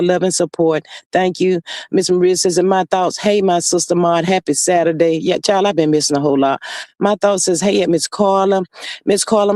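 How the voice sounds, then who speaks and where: A man hosting a casual live stream on his phone, talking in a sassy, drawn-out way, calling viewers honey and child and reading their comments aloud. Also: sits high, a little mellow, no room sound.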